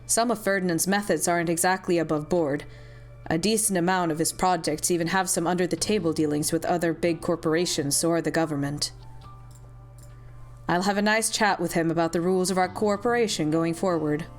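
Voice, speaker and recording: A woman voicing a stern adult woman who is director of defense, speaking in a level, measured, businesslike way. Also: fairly low pitch, faint music behind, pitched below the performer's own voice, close to an everyday voice. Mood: serious.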